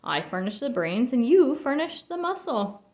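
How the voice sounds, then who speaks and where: A woman's voice: sits high, sing-song, moderate pace, darkish tone. A woman voicing a bossy, scheming little male bug in a storybook reading, mocking and laughing, in a roomy echo.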